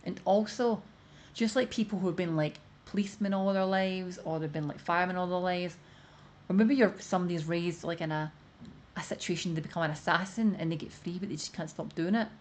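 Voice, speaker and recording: A woman streamer offers casual commentary, rambling and saying "like" constantly as she explains her opinion. Her voice is lowish and a little fast.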